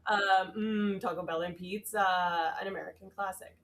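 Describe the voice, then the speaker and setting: A woman's voice: medium pitch, fairly even intonation, moderate pace, fairly bright tone. A woman co-hosting a casual live-streamed science chat, who swears, jokes and tosses in a put-on 'mate'. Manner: swearing, jokey, slips into a put-on Aussie 'mate'. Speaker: co-host.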